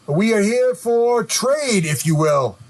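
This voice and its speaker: Man as a slow, pompous hobgoblin trader. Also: high-pitched, lively intonation, noisy background. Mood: deliberate. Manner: slow, deliberate, pompous salesman.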